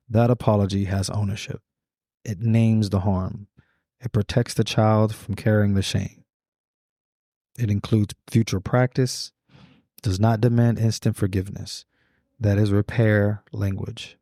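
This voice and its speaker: A middle-aged man hosting a podcast, speaking in a measured, deliberate monologue with slow emphatic pauses. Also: lowish voice, little pitch movement, mellow, dry recording, studio quality. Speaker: podcast host. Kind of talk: reflective podcast monologue on fathering.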